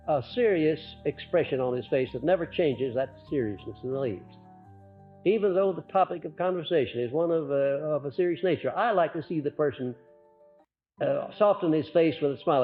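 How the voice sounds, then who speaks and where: A man giving an earnest, folksy lecture to a live audience, letting his voice rise and drop on purpose and often pausing on "uh". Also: on the high side. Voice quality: frequent "uh" hesitations. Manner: folksy, earnest, swings between loud and soft on purpose. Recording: muffled archival recording, faint music.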